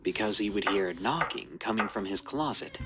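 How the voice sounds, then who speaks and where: A man's voice: lowish voice, animated, moderate pace, noisy background. A man narrating a scripted horror story in a dramatic, suspenseful reading.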